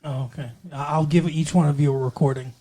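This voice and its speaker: A man's voice: fairly high pitch, fairly even intonation, quick pace, warm tone. A man co-hosting a podcast in casual chat, joking and teasing, often slipping into silly voices. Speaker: podcast co-host.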